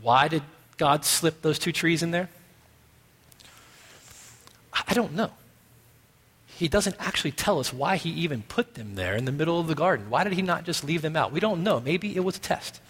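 A man preaching a sermon as pastor, emphatic, moving from quiet musing to loud stressed phrases. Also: a little high, lively intonation, normal speed, long pauses, slightly rough. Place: church sanctuary. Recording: long reverb of a church hall.

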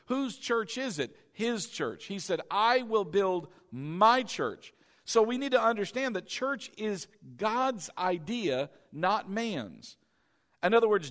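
A man's voice: high voice, a bit bright, long reverb tail. A man preaching a sermon to his congregation as pastor, emphatic, repeating key lines and quizzing the crowd. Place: church sanctuary.

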